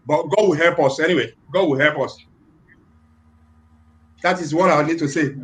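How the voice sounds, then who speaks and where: A man's voice: a little high, normal speed, a little hiss or hum, low-quality recording. A man calling in to a live chat, giving his opinion in a preachy way, repeating points and invoking God. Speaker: caller. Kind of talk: earnest call-in opinion.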